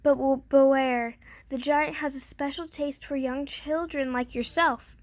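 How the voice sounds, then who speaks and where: A woman's voice: high-pitched, fairly even intonation, unhurried. A woman doing a chirpy, knowing talking bird. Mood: urgent. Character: mysterious talking silver-feathered bird, all-knowing.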